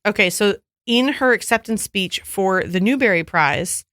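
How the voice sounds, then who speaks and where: A woman co-hosts a casual podcast and retells stories with gusto, slipping into little voices for the people she quotes. Her pitch sits in an ordinary middle range. The sound is close and dry. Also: normal speed, no room sound. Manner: animated storyteller who acts out quoted voices. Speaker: podcast co-host. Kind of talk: casual chat.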